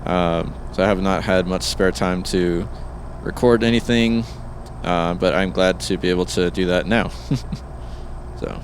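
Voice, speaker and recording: A man's voice: low-pitched, fairly even intonation, measured pace, slight background noise. A man hosting a let's play, chatting casually and thinking aloud with an easygoing, chuckling manner. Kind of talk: casual gameplay commentary.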